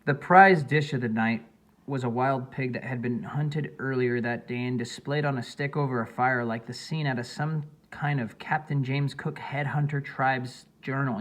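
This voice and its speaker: A man narrating an audiobook in a plain, steady reading voice with small slips. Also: medium pitch.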